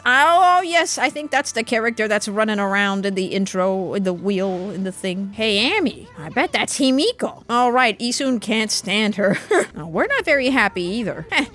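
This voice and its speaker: A woman's voice: fairly high pitch, a bit bright. A young adult woman giving casual, playful gameplay commentary, gushing over the game and laughing often. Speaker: let's play gamer. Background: faint game music.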